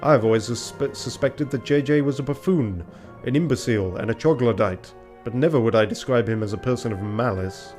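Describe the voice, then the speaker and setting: A man's voice: mid-range voice, brisk, darkish tone, faint music behind, lightly acted. A man voicing a fussy, polite male rooster lawyer with a prim, formal delivery.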